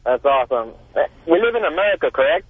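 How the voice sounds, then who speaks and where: Man, radio caller, husky, earnest, rambling, thin phone-line sound. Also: fairly high pitch, sing-song, fast, dry recording. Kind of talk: call-in talk radio.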